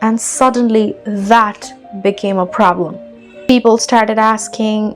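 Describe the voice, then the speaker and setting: A woman's voice: medium pitch, fairly even intonation, slow pace, soft background music. A young woman from India with a blend of British and American accent, earnestly narrating a personal story as an English accent tutor.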